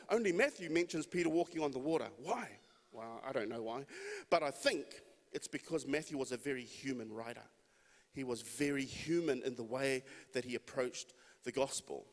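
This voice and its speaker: A man preaching a sermon in a conversational storytelling way. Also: a little high. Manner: conversational, storytelling with acted quotes. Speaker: pastor. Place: church hall. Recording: long hall reverb.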